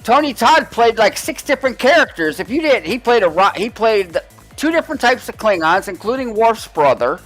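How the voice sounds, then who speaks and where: Podcast co-host, male, high-pitched, rambling casual talker, faint music underneath. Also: big pitch swings, a little fast, fairly bright tone, rough recording. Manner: rambling, restarts often, swears casually. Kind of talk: casual chat.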